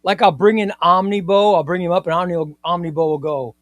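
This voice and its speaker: A man hosting a comics live stream, chatting in an excitable, rambling way and often repeating himself. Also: high voice, fairly quick, hardly any pauses, no echo. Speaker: comics livestream host. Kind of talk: casual live-stream chat.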